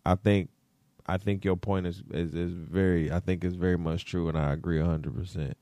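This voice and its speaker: A young man co-hosting a casual basketball talk show, animated and profane, swinging between loud outbursts and mutters. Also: low voice, normal speed, no room sound. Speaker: podcast co-host.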